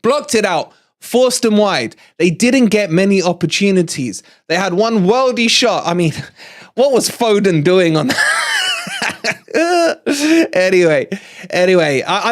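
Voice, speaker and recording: A middle-aged English man hosting a live fan-channel match review, excitable and gloating, out of breath, chatting with his viewers. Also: high-pitched.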